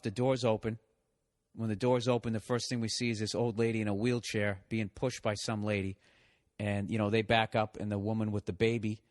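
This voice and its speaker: In a clean, echo-free studio recording, a middle-aged man with a fairly low voice hosts a podcast. He rambles through a self-deprecating comic story, swearing often and laughing as he talks.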